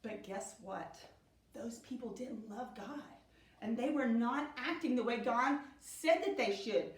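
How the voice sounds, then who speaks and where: A middle-aged woman gives a children's Bible lesson in a slow, sing-song storytelling way. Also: on the high side. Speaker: Sunday school teacher. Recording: echoey room, speaker far from mic.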